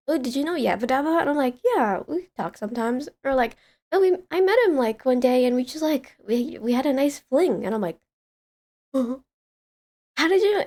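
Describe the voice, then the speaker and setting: A woman's voice: on the high side, dark tone. A young woman streaming live, chatting casually with viewers, rambling and laughing often as she greets chatters.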